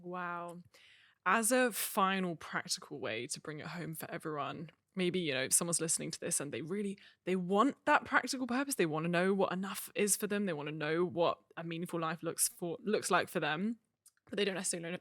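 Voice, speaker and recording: A woman hosting a podcast interview, attentive and softly encouraging. Her voice is bright and crisp, recorded dry and close to the mic. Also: on the low side, animated, fairly quick, dry recording. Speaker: podcast host. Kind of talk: interview conversation.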